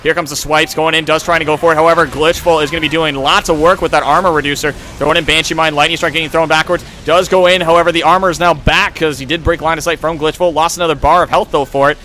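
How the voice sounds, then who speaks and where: A young man in his twenties calling a video game match play by play, rapid and excitable. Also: fairly high pitch, slight background noise. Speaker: esports caster.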